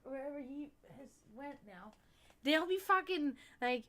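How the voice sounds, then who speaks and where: A woman's voice: high voice, expressive, unhurried, bright, forceful tone. Laughing, swearing woman chatting on stream. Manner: rambling, swears often, laughs a lot. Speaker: stream host. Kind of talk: casual livestream chat.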